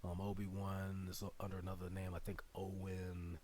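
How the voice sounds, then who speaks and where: A man's voice: sits low, completely flat delivery, moderate pace, a little mellow, slight background noise. A man hosting his channel, casually retelling a show's plot in a rambling way full of fillers and asides. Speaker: channel host reviewing a series. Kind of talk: casual spoken plot recap.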